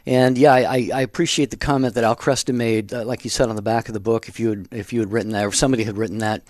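A man hosting a radio interview, asking long halting questions with fillers. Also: medium pitch, fairly even intonation, a little mellow, no room sound, clean studio sound. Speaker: radio host. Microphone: studio microphone.

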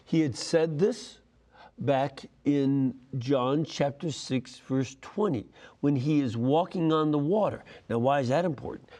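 Male Bible teacher, warm mellow tone, careful explanatory delivery. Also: a little high. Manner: deliberate, explanatory, stresses key phrases. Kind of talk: scripture lesson.

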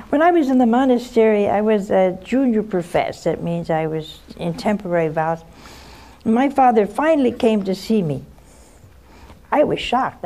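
This nun, an older woman hosting a call-in show, talks to callers with a mellow, medium-pitched voice. She gives direct spiritual counsel and shares personal stories in a plainspoken, folksy manner.

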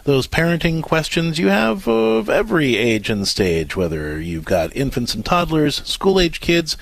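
A middle-aged man hosts a call-in parenting advice radio show, speaking fast and animated and often repeating words as he starts a thought. His pitch is fairly high, with vocal fry, in a dry recording.

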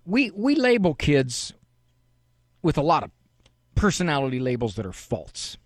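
A middle-aged man hosting a radio advice show, talking in a casual, animated, folksy way. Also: on the high side, unhurried, no echo, clean studio sound. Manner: animated, folksy, acts out parents' quotes. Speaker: radio show host and psychologist.

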